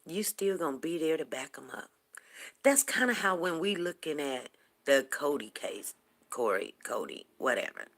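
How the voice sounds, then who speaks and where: A woman in her fifties hosts a casual morning talk show, drifting from story to story in a loose, chatty way. Her voice sits low and gravelly, with a husky edge. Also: big pitch swings, normal speed, a bit bright. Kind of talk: casual chat on a livestream.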